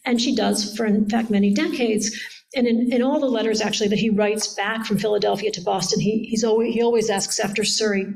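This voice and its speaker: A woman's voice: medium pitch, fairly even intonation, a little fast, gravelly, a little mellow, poor audio. A middle-aged woman author answering questions in an interview at a public event, thoughtful and digressive with frequent fillers and restarts. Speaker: author interviewed about her biography.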